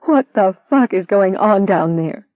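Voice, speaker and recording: A reader voicing a young woman lawyer, heated and pleading, in a higher-pitched voice. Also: lively intonation, unhurried, no echo, close to an everyday voice. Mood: hysterical. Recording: dry tinny phone-like sound.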